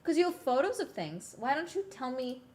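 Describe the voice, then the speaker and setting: High-pitched woman streaming, sick, annoyed rant with lots of swearing. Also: big pitch swings, normal speed. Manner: exasperated ranting, swearing. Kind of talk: casual live stream chat.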